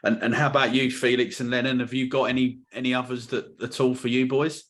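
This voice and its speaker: A man's voice: medium pitch, level tone, fairly quick, a bit bright. A man hosting a casual music podcast interview, asking questions with many restarts and fillers. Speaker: podcast host.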